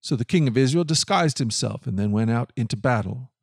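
A man's voice: medium pitch, expressive, a little fast, vocal fry, dry recording, clean studio sound. Man narrating a Bible reading.

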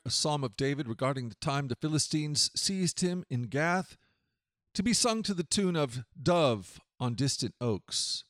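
A man reading scripture aloud in measured, earnest scripted narration. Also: mid-range voice, no echo, clean studio sound. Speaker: scripture reader.

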